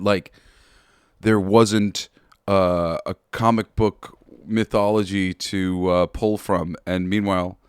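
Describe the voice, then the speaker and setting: A low-pitched man talks slowly and deliberately as a podcast host, in a dry, close recording with no room sound. He stumbles over words and restarts phrases, sounding earnest and a little tongue-tied, with the odd blunt swear word thrown in. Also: smooth, no room sound. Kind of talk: casual podcast commentary.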